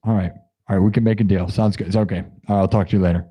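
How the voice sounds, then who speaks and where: A man's voice: sits low, fairly even intonation, rapid-fire, warm tone, breathy edge. A man hosting an improvised music and story livestream, talking casually and joking around with his viewers in a rambling way. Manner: playful, rambling, joking asides to chat.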